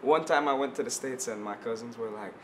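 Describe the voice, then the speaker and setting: Young guy on a radio show, laid back, keeps restarting sentences, mid pitched voice. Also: brisk, a bit bright, slight background noise. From Belize. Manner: easygoing, searching for words with frequent restarts. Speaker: musician guest. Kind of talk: casual radio interview.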